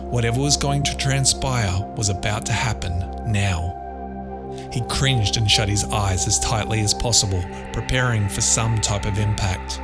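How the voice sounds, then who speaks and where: Low-voiced male narrator over guitar. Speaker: author and narrator. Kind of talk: audiobook narration of a dark thriller. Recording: loud guitar music underneath.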